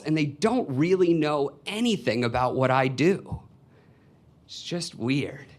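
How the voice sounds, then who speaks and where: Slow, wry storyteller in his twenties. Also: on the high side. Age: 20s. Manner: unhurried, wry, confessional. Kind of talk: live personal storytelling. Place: stage before a live audience.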